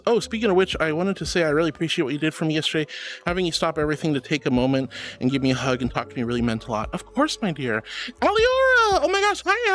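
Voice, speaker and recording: A man streaming as a VTuber, reading chat messages aloud and answering viewers affectionately, calling them sweetie and honey. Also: fairly high pitch. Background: faint background music.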